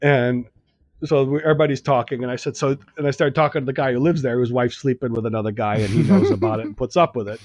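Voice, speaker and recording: A man's voice: mid-range voice, quick pace, darkish tone, dry recording. A man on a podcast telling a story in casual chat, acting out the dialogue and laughing often.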